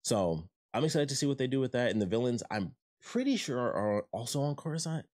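A man giving a rambling, excited review of a show, full of fillers and restarts. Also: medium pitch, a little fast. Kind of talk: casual review chat.

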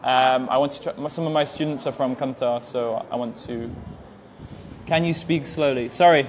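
This is a twenty-something Englishman with an English accent, teaching English at a language school and reading out viewer questions during a live-stream Q&A. In a medium-pitched, steady tone with slight background noise, he replies with many ums, slow, careful and hesitant.

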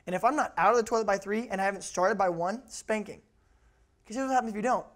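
Animated man giving a youth talk. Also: sits high, quick pace. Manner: animated storyteller who acts out quotes, repeats key words. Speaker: youth pastor.

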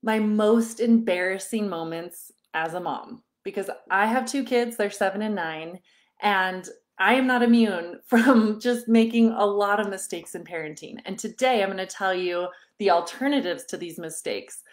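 A woman in her thirties, a parenting coach, leading a live online workshop in a chatty, storytelling way, laughing often and acting out quoted dialogue in lively voices. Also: medium pitch, moderate pace.

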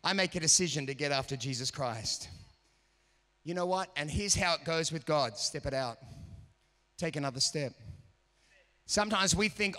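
Male pastor, bright and forceful, animated sermon delivery with acted-out voices, long hall reverb. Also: on the high side, normal speed, long pauses. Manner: animated, acts out quoted voices. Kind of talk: sermon with storytelling. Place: church auditorium.

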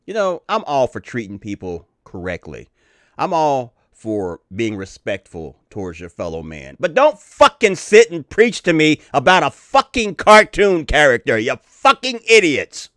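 A man's voice: medium pitch, huge pitch swings, a little slow, fairly bright tone, no echo, clean studio sound. A middle-aged man hosting his own channel, ranting angrily with lots of cursing in a profane commentary. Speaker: channel host.

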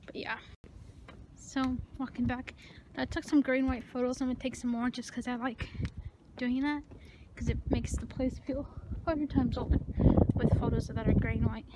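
A young woman vlogging casually, rambling in a self-conscious way and often dropping to a hushed voice, filmed on a handheld phone out at a beach, in a car and at a gym. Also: a little high, little pitch movement, moderate pace, background noise. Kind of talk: casual vlog chat.

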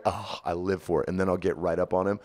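A man in his forties, the guest of an interview, telling stories in an animated, profane way with frequent laughter. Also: deep voice, quick pace. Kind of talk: storytelling interview.

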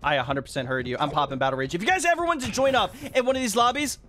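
A man hosting a game video, commentating his play and reacting with quick bursts of loud disbelief. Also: high-pitched, a little hiss or hum. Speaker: YouTube gaming host. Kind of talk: gameplay commentary.

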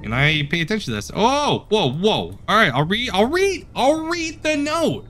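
Man, gameplay commentary, chatty and joking, high animated voice. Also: moderate pace, faint music behind. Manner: chatty, joking, talks to himself. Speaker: let's play host.

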